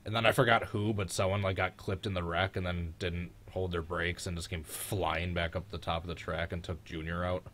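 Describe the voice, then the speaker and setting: A man's voice: low voice, flat delivery, fairly quick, hardly any pauses, fairly bright tone, slight background noise. A man hosting a live race reaction with friends, congested and sick, his voice cracking, chatty and teasing as he rambles through old races. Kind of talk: casual live commentary with friends.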